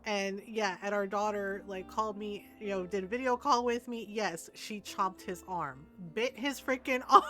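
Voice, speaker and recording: An older woman streamer telling a family story in casual chat, animated and laughing often, with frequent asides of "right?". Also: medium pitch, normal speed, hardly any pauses, faint music behind. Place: home streaming setup.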